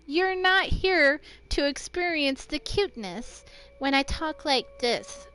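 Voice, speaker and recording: A woman's voice: high-pitched, animated, slow pace, pushed and bright, no room sound. A woman streaming a game live, chatting casually with viewers and swearing freely as she plays. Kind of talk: casual live-stream chat while gaming. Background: game music.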